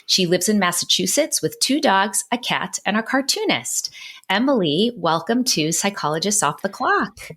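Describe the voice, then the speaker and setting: A woman's voice: mid-range voice, sing-song, normal speed, fairly bright tone, husky. A woman podcast host introducing and interviewing a guest in an earnest, effusive way.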